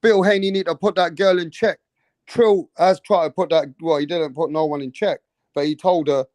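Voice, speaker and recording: A man's voice: fairly high pitch, moderate pace, a little mellow, dry recording. A man, a boxing channel host, ranting indignantly in heated casual commentary with heavy swearing.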